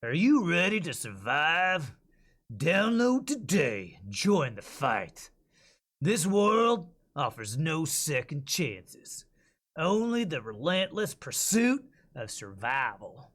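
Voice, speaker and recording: A man's voice: fairly bright tone, heavily acted. Man putting on a gritty Texan game-trailer narrator. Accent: Texas drawl. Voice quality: deep and gritty. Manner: slow, drawn-out dramatic delivery. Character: gritty male survival-game trailer narrator, grim and dramatic. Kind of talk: video game trailer voice-over.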